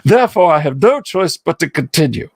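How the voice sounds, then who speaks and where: A man's voice: a little high, sing-song, brisk. A man hosting a livestream, voicing a pompous, pedantic older male professor in an outrageous put-on accent. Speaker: livestream host.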